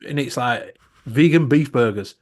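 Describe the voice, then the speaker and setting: A man's voice: medium pitch, measured pace, a little hiss or hum. A man chatting casually on a livestream, telling stories animatedly, acting out quotes and swearing. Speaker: co-host or guest on a live chat show. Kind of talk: casual chat.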